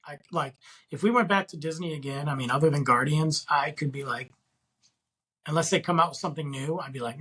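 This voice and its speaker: A man's voice: on the high side, fairly quick, bright, forceful tone, husky. A man hosting a podcast, talking in a casual, rambling and enthusiastic way full of slang. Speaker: podcast host.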